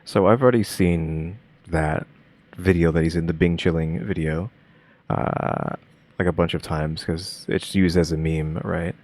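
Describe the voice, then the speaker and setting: A man's voice: low-pitched, fairly even intonation, measured pace, darkish tone. A man streaming a reaction video, talking casually and rambling with lots of fillers and restarts. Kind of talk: casual commentary.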